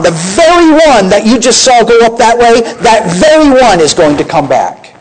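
A man's voice: very high-pitched, very animated, moderate pace, hardly any pauses, poor audio. A man teaching from the Bible as a preacher, emphatic and full of rhetorical questions to his listeners.

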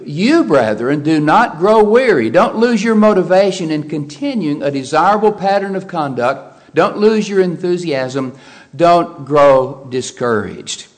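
A man preaching a sermon, stressing and repeating key phrases, moving between forceful emphasis and quieter explanation. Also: mid-range voice.

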